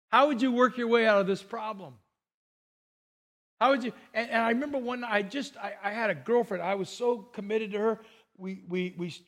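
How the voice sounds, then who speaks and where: An older man delivers a sermon in a high-pitched voice. He moves between chatty personal stories and sudden quiet, soft lines for emphasis, with a self-deprecating sense of humor. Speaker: pastor.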